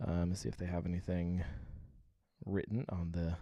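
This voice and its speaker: A man's voice: low-pitched, little pitch movement, moderate pace, warm tone, dry recording. A man hosting a casual live beer-tasting stream, rambling with many fillers and reading viewer comments aloud. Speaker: livestream host.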